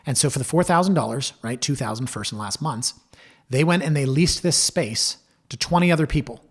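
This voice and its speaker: A man's voice: medium pitch, animated, fairly quick, husky. A middle-aged man hosting a podcast, talking candidly and chattily to listeners, acting out quoted voices. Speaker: podcast host. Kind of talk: casual solo podcast talk.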